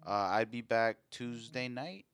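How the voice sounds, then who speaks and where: A man co-hosting a podcast, telling stories in a relaxed way with casual swearing. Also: mid-range voice, measured pace. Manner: laid-back storytelling, swears casually. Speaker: podcast co-host. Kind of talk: casual chat. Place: away from home on a work trip.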